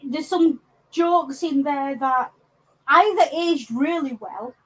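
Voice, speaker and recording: A woman's voice: high-pitched, slow, poor audio. A woman from England co-hosting a podcast, chatting casually about films with lots of ums and restarts. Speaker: podcast co-host. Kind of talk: casual film discussion.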